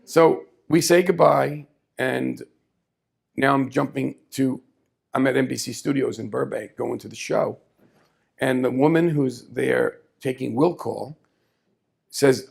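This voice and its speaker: A man telling a story live on a small café stage, animated and chatty, with asides to the audience. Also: medium pitch, measured pace, gravelly, husky.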